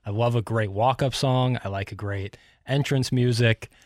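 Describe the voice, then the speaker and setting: A young adult man co-hosts a sports radio show, rambling casually, saying "like" a lot and defensively sticking up for his opinions. His medium-pitched voice is steady and at normal speed, with clean studio sound and no echo.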